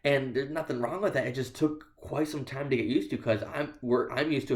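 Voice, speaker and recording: Speaking quickly and with few pauses, a medium-pitched man tells stories as a visiting missionary in a church sanctuary. He pokes dry fun at himself, and the room's echo is audible throughout.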